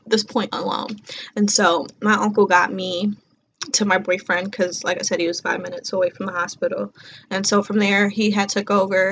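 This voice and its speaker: A young woman vlogging casually, retelling her story in a chatty, animated way and acting out quoted dialogue. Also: mid-range voice, a little hiss or hum.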